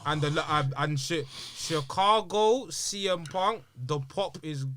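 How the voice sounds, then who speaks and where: Emphatic man, slightly high voice. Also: slow pace, a bit bright. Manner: emphatic, repeats himself, hesitant starts. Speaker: podcast co-host. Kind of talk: casual chat.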